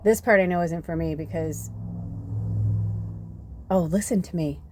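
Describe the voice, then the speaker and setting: Female tarot reader, casual and talkative, low and warm, some swearing, occasional hushed asides. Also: measured pace, a little hiss or hum. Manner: chatty, rambling, swears casually, drops to soft whispers. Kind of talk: casual pick-a-card tarot reading.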